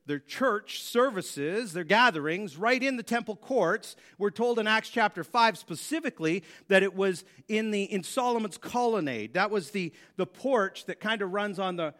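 A man's voice: high-pitched, lively intonation, normal speed, few pauses, fairly bright tone. A man teaching a Bible lesson in a conversational way, with dry sarcastic asides. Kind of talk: Bible teaching with scripture reading.

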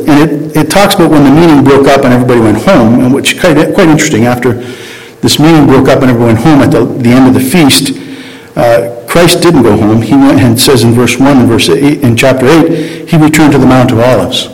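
A man leads a casual Bible lesson in an average-pitched voice. He talks loosely and conversationally, often stopping to correct himself and start over. The sound carries a long reverb, as if from a large hall. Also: a little mellow. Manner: conversational, hesitant, many restarts and self-corrections. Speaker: Bible study teacher. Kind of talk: informal Bible teaching.

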